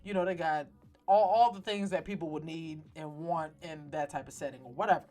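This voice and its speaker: Profane, animated woman retelling a show. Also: low voice, fairly quick, soft background music. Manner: profane, slangy, dramatic storytelling. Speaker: talk show host. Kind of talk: casual animated TV recap.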